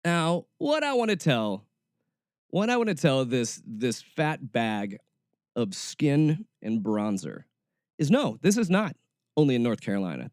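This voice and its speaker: A middle-aged man hosts his radio show in a casual, sarcastic ramble, his pitch swinging widely as he jokes and rants. The sound is dry and close, with no room around his voice. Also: no echo. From Atlanta, US South. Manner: sarcastic, lively, laughs often, rants. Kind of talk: casual solo radio monologue.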